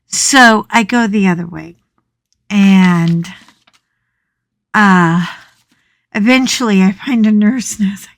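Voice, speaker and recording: A woman's voice: a little high, takes it slowly, long pauses, no echo, studio quality. A middle-aged woman hosting a casual chat, telling a story dramatically with yelps and swearing. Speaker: coloring channel host.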